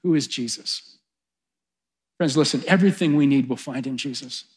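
A middle-aged man preaching a sermon, swelling to loud, fervent peaks and then dropping soft. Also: mid-range voice, moderate pace. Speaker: pastor.

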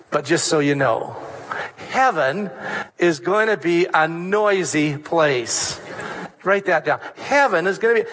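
A middle-aged man preaching a sermon, stressing points by repeating phrases and lifting his voice. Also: a bit bright. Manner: emphatic, repeats key phrases, rises in pitch to stress points. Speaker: pastor.

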